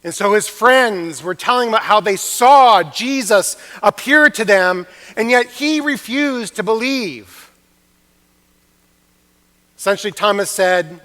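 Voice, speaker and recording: A man preaching a chapel sermon, telling a story earnestly with emphatic pauses. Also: high-pitched, expressive, bright, forceful tone. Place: university chapel. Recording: long reverb of a chapel.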